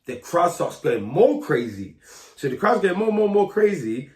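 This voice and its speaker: A man telling a lively story in casual street slang, acting out the voices of people in it. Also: fairly high pitch, moderate pace. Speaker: guest, grime MC. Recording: roomy echo.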